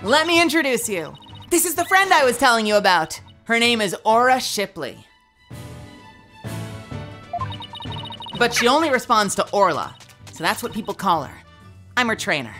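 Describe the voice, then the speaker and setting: A woman's voice: mid-range voice, pitched below the performer's own voice, natural voice. A woman voicing a young female aquarium trainer who talks in hammy pirate speech with a put-on Scottish accent. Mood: earnest.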